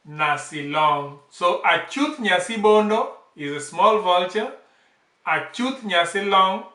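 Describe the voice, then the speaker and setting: A man teaching bird names, saying each word slowly and repeating it several times. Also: high voice, bright, forceful tone. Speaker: language teacher. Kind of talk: slow vocabulary lesson, repeating each word. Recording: echoey room, off-mic.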